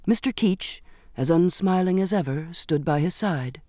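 A man narrating an audiobook in a measured, expressive storytelling manner. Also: high-pitched, no echo, clean studio sound. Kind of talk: scripted narration.

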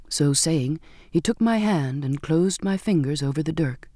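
Mellow, fairly high male audiobook narrator. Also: expressive, measured pace, few pauses, no echo, studio quality. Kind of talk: first-person audiobook narration.

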